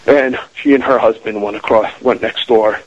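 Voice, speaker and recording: Husky guy, kinda low voice, rambling through a family ghost story on a radio show, lots of ums and restarts. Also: fairly even intonation, normal speed, dull audio. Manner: rambling, with many restarts and fillers. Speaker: guest.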